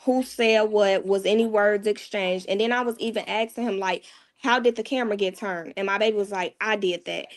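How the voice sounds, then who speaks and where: A woman's voice: mid-range voice, steady tone, brisk. Candid mother telling a hard story. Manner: candid, casual, often dropping to a hushed tone. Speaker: guest, mother. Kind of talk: emotional personal storytelling.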